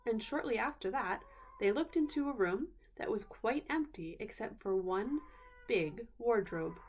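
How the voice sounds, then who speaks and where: A woman's voice: fairly high pitch, animated, darkish tone. Woman reading a bedtime story aloud. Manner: unhurried, pausing to explain words.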